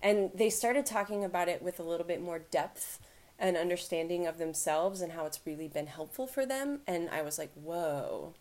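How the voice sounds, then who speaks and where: A woman's voice: fairly low pitch, a little fast, a little mellow. A woman co-hosting a podcast, talking at length in a rambling way with many fillers and frequent laughs. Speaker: podcast co-host. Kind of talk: casual podcast chat.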